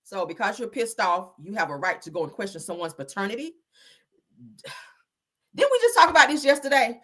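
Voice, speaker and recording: A woman's voice: medium pitch, big pitch swings, brisk, fairly bright tone. A woman hosting reality TV commentary, blunt and scolding, with frequent swearing. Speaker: commentary host.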